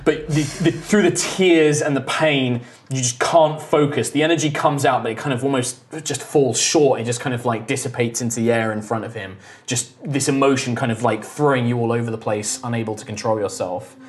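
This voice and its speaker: A man narrating as game master of a tabletop game, telling the action in a relaxed way full of fillers. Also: mid-range voice, brisk. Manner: relaxed, filler-heavy storytelling.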